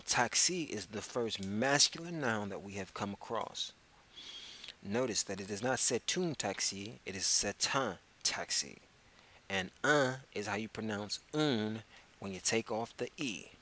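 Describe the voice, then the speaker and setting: A man with a somewhat low, bright voice leads a casual beginner French lesson. He talks at an unhurried pace, spells words out letter by letter and stretches out phrases for the listener to repeat. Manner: slow, spells words out letter by letter, drawn-out repetitions. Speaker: French teacher. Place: public access TV studio.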